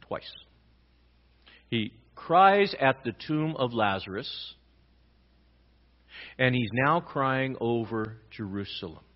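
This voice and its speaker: Man, pastor, sermon, medium voice, loud bursts then quiet drops, muffled lo-fi sound. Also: animated, slow pace, long pauses. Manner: dramatic swings between loud emphatic lines and quiet low ones.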